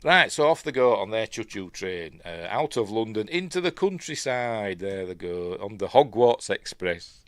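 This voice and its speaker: A man's voice: on the low side, very animated, moderate pace, hardly any pauses, dry recording, studio quality. A middle-aged man with a Yorkshire accent, chatting casually and rambling through a film commentary at home, often correcting himself. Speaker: film reviewer.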